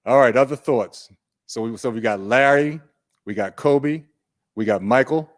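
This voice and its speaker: A man presenting at an online training day, unhurried and conversational, putting questions to his audience. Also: mid-range voice.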